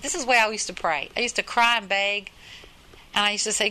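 A woman's voice: mid-range voice, quick pace, sharp tone, poor audio. A woman preaching a sermon in an earnest, emphatic way, often repeating her phrases.

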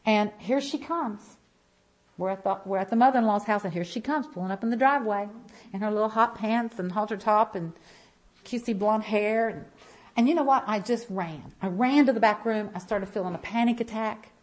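A woman's voice: mid-range voice, a little fast. Emphatic woman sharing a church testimony. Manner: emphatic, repeating phrases, vivid storytelling. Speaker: speaker giving a testimony.

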